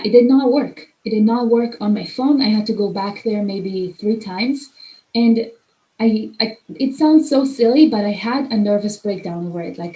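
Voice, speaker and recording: A young woman who isn't a native English speaker hosts a casual online mentoring clinic workshop, effusive and chatty with many fillers. Her mid-range voice is warm, recorded in an echoey room on low-quality audio.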